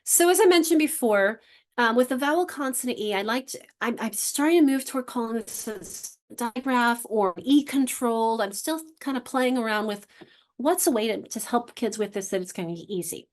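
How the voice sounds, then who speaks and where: Over a computer microphone, a woman leads an online literacy training for teachers, speaking conversationally with frequent restarts and sounding out vowels to demonstrate them. Her voice is a little high and animated, at a moderate pace.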